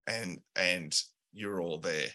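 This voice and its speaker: Bright-voiced male game master. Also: deep voice, takes it slowly. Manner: descriptive, relaxed, with filler words. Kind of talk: narrating a tabletop game.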